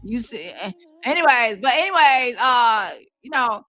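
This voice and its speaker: Blunt scolding woman with bright voice. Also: a little high, expressive, measured pace, dry recording, soft background music. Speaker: commentary YouTuber. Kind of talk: casual commentary.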